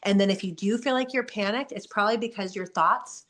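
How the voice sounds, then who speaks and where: A woman's voice: medium pitch, brisk. Woman in her forties, athlete guest, earnest, chatty, lots of "you know", encouraging tone. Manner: earnest, warm-hearted, frequent "you know" and "like". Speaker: guest athlete answering questions. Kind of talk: candid motivational talk.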